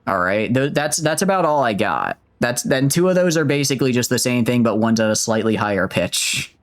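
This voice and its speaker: A man streams a video game, offering casual let's-play commentary that rambles and pokes fun at himself, with plenty of restarts. His voice is medium-pitched, expressive and brisk.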